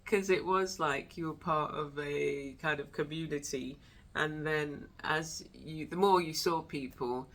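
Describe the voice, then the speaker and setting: A woman's voice: low-pitched, measured pace, a bit bright. A woman hosting her own vlog, chatting loosely with many fillers as she walks from her home studio into the garden with a handheld camera. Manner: rambling, chatty, with many fillers and trailing thoughts. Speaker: host of an arts and wellness channel. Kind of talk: casual vlog chat.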